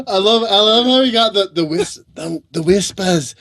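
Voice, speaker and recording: A man's voice: sits high, lively intonation, moderate pace, a bit bright. A man on a casual gaming podcast, teasing and doing announcer-style intros.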